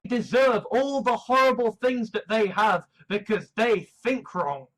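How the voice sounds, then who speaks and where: A woman delivers a rambling vlog rant in a notably high voice. She mocks outrage with sarcasm and swears freely. Her pace stays slow and deliberate. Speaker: online commentator. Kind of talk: ranting vlog commentary.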